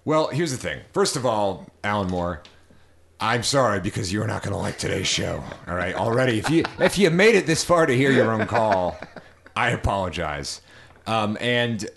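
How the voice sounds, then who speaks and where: Low voiced guy co-hosting a comedy podcast, rambly and crude, lively ups and downs. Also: moderate pace, vocal fry. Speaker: podcast co-host. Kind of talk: casual comedy chat.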